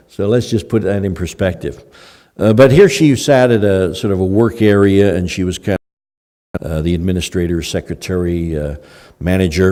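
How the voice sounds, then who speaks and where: A man's voice: sits low, dark tone. An older man preaching a sermon in a conversational way, with many fillers and restarts. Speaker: pastor. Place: church hall. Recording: long hall reverb.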